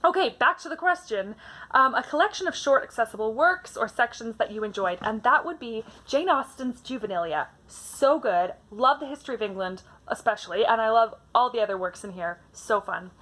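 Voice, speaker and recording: Young woman from Canada, book vlogger, chatty and animated, bright voice sitting a little high. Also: a little fast. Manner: chatty, animated, many fillers. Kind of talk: casual book tag chat.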